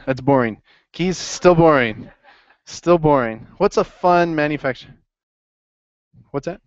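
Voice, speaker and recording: A man teaching an accounting class in a lively classroom lecture, quizzing students as he goes. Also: fairly high pitch, a little slow, no room sound. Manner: upbeat, asks the class questions. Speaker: accounting instructor. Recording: dry, dull lo-fi classroom recording.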